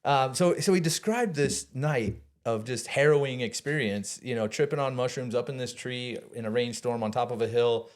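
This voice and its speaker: Man telling an animated, profane story. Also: mid-range voice, moderate pace, hardly any pauses. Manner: animated, swears, laughs, restarts often. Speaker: podcast guest. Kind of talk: casual storytelling.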